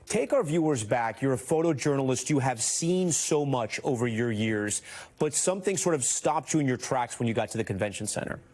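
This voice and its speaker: A news anchor introduces a report, then questions his guest in an even, conversational tone. The man's voice sits in a middle register. He sounds composed and professional. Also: mid-range voice, brisk. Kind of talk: broadcast news narration and interviewing.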